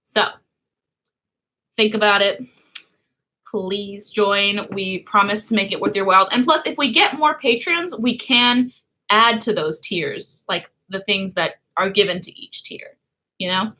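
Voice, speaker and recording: A woman's voice: medium pitch, measured pace, pushed and bright, a little hiss or hum. A woman from California co-hosting a casual YouTube chat, talking in a loose, chatty way with fillers and laughs. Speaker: YouTube co-host.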